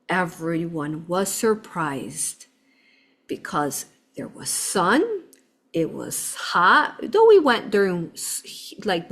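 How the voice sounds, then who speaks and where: A woman vlogger telling a travel story in an excited, chatty way, often laughing and calling her viewers "you all". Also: medium pitch. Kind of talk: animated storytelling vlog.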